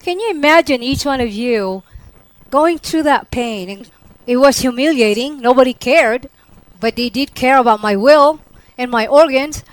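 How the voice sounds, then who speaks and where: Animated woman telling her story. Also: high-pitched, moderate pace, dry recording, rough recording. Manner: animated storytelling, acting out her own quoted lines; drops to a soft hush when describing the vision. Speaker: testimony speaker. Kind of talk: personal testimony to an audience.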